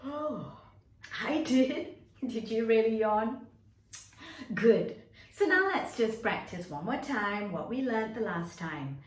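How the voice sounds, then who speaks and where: A woman teaches a nursery drama lesson at a very slow pace, her pitch rising and falling widely as she draws out each word for small children. She sounds cheerful and encouraging. The recording is echoey, with her voice set back from the mic. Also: expressive, distant mic. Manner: slow, exaggerated instructions with stretched words. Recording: echoey room, voice away from mic.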